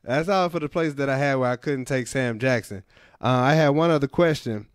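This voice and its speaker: A man's voice: medium pitch, brisk, no echo, studio quality. A man hosting a radio podcast and delivering a comedic monologue in a laid-back storytelling manner, repeating his punchlines. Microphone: studio microphone.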